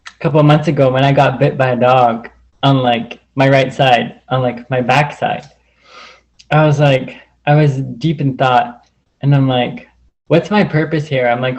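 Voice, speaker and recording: On a group video call, a man with a medium-pitched voice rambles casually through a personal story, saying "like" constantly. The recording sounds muffled.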